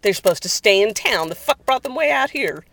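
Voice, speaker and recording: A narrator voicing a crude, aggressive male gunman in a spoken story, talking roughly. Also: medium pitch, animated, a little fast, fairly bright tone, no room sound, voice pushed up. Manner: rough, swearing.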